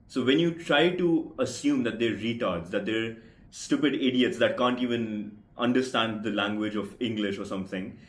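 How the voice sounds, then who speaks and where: A man's voice: mid-range voice, reverberant. A young man giving blunt, profane speaking advice straight to camera, calling the viewer bro and swearing freely. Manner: brash, profane, says bro a lot. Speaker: speaking coach vlogger.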